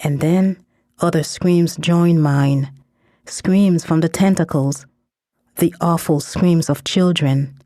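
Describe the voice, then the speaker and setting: A woman reading first-person fiction aloud in a measured, intense storytelling manner on a close studio mic. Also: low voice, steady tone, mellow, no room sound. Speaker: story narrator.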